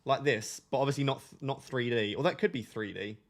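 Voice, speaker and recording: A man's voice: mid-range voice, brisk. Chatty nasal man streaming live. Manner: chatty, jokey, drifts between topics. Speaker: fantasy football live streamer. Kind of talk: casual live stream, reading chat aloud. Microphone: desk microphone.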